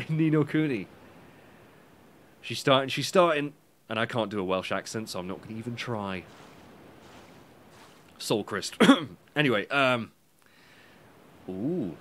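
With a mid-range, fairly bright voice, this British man commentates a video game in a chatty let's play style. He reads on-screen text flatly, curses, and mocks himself while game music plays behind him.

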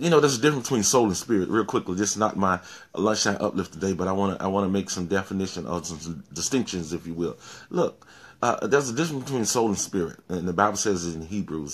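A male pastor preaches in a low, husky voice. He often repeats words and restarts his sentences, then climbs to forceful, emphatic peaks. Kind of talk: informal sermon.

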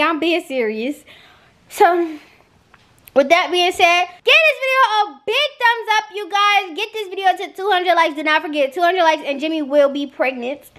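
A woman's voice: extremely high pitch, a bit bright. A woman vlogging casually with her partner, playful and teasing, talking straight to viewers and sounding a little out of breath. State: out of breath, tired. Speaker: vlogger co-host. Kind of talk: casual couple vlog.

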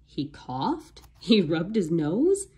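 A woman reading a children's storybook aloud in a slow, expressive way. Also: lowish voice, breathy edge. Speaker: storybook reader. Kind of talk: read-aloud storybook narration.

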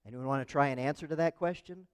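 A man's voice: on the high side, quick pace, clear, resonant tone. A man preaching a conversational sermon as pastor, often asking the congregation questions. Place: church sanctuary. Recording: long reverb of a church hall.

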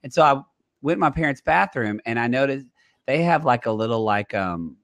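A man in his thirties hosts a podcast, chatting casually and spinning rambling stories packed with fillers. His voice is medium-pitched and expressive, and he talks fairly quickly. The recording is dry and studio quality.

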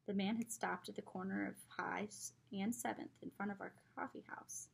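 A woman's voice: medium pitch, normal speed, vocal fry, breathy edge. A woman reading a novel aloud as a teacher, telling it expressively. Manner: expressive storytelling.

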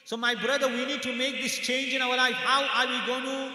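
A man delivering an exhorting sermon at a large gathering. He fires off rhetorical questions, repeats key phrases, and recites Arabic verses quickly. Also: very high-pitched, fairly even intonation, bright, forceful tone. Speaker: mufti giving a graduation lecture. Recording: echoey hall, voice from a distant mic.

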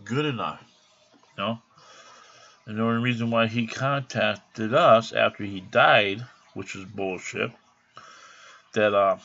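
A man's voice: on the low side, vocal fry, fairly bright tone. A man telling a personal story in a rambling, indignant way with plenty of swearing. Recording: dull lo-fi recording.

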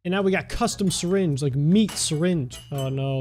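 A young man giving jokey, excited commentary on a sandbox game, crying out at the action. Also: fairly high pitch, normal speed, hardly any pauses, faint music behind. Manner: animated, jokey, cries out at on-screen action. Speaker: gaming YouTuber.

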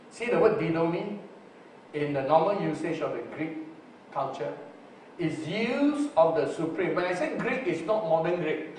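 A man's voice: fairly high pitch, darkish tone. Man teaching from far off in an echoey hall. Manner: explains Greek word roots slowly with many fillers. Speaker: preacher. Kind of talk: Bible teaching sermon. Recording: roomy distant recording with faint hiss.

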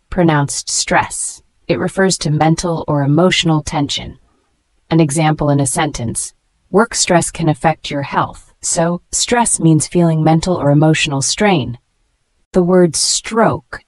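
A woman reading a scripted vocabulary lesson, spelling each word letter by letter and slowing down to pronounce it, with praise for the learner between words. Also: sits low, darkish tone, no echo. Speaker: English vocabulary teacher.

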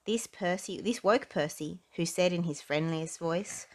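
A woman narrating a children's storybook aloud in an expressive, unhurried way. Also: lowish voice. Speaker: storybook reader.

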